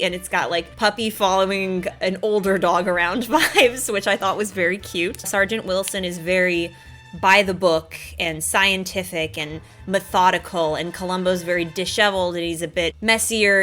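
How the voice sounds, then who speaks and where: A woman hosting a casual chat, animated and enthusiastic, often laughing as she talks. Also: mid-range voice. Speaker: host.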